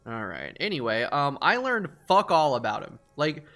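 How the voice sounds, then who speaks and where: A man's voice: on the high side, moderate pace. A man live-streaming a game, chatting casually, swearing freely and laughing often. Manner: profane, excitable, laughs often.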